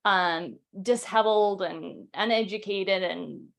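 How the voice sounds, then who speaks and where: A young woman hosting a casual history talk at a home setup, chatty and quick, with fillers and restarts, reading quotes aloud. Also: medium pitch, gravelly. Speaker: podcast host.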